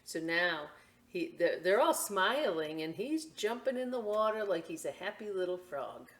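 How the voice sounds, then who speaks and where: A middle-aged woman reads a picture book aloud at a library storytime, with a fairly low pitch and an unhurried pace. She's animated and chatty, frequently turning aside to talk to her young listeners.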